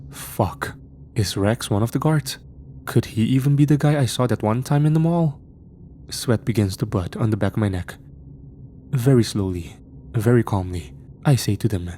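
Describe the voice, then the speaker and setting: A man narrating a first-person horror story in a tense, measured way. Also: lowish voice, warm tone, slight background noise.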